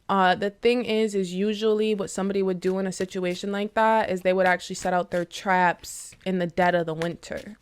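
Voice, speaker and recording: A tarot and oracle card reader chats casually as she retells a fable and reads oracle cards, rambling with lots of fillers and tag questions. Her mid-range voice has a clean tone.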